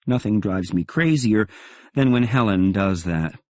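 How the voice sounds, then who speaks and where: A man's voice: on the low side, lively intonation, unhurried, darkish tone, no room sound, studio quality. A man narrating an audiobook in the first person, in a wry, conversational way.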